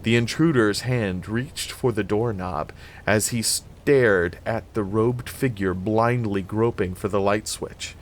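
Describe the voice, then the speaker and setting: A man reading a horror novel aloud in a measured, steady storytelling manner. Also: on the low side, slight background noise. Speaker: reader.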